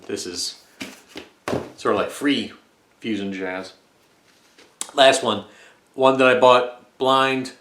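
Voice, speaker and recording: A man from the United States rambling casually about the records he collects, with lots of fillers. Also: fairly low pitch. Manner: rambling and relaxed, with frequent fillers. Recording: echoey room.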